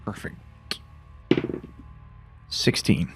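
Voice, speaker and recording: A man's voice: extremely slow, soft background music. A man in his forties playing a tabletop game, stumbling and hesitating as he describes his character. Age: 40s. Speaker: player.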